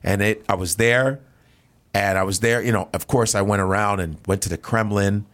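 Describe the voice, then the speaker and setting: Nigerian-born comedian, deep-ish male voice, animated storyteller, does voices, podcast guest. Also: moderate pace. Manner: animated, acts out voices in his stories, swears freely.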